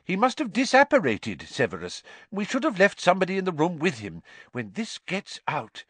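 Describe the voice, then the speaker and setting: A man's voice: high-pitched, wildly swooping pitch, moderate pace, a bit bright, husky, no room sound, pitched above the performer's own voice, exaggerated voice. A man voicing a pompous, self-satisfied middle-aged male official. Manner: pompous, gushing.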